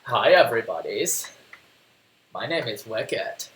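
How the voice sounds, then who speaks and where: A man's voice: medium pitch, big pitch swings, a bit bright. Man doing a goofy dumb pet dog voice, dopey drawl, roomy echo. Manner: dopey, slow-witted drawl. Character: dopey talking pet dog, male, simple-minded.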